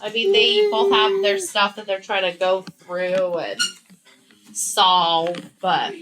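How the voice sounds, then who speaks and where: A woman co-hosting a podcast, chatting casually and retelling a book's plot with lively quotes. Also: mid-range voice, slow, slight background noise, rough recording. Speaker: podcast co-host. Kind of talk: casual book chat.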